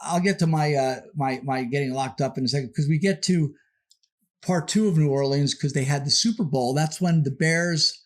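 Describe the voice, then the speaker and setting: A man casually telling a lively anecdote on a podcast, acting out the other people in it. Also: a little high, moderate pace. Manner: animated anecdote telling, acts out quoted voices. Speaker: podcast guest storyteller. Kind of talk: casual storytelling.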